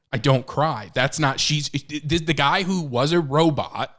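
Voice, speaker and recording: A man in his thirties co-hosting a podcast, talking candidly and with animation, swinging between loud and hushed. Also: on the high side, a little slow. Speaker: podcast co-host. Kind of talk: casual chat.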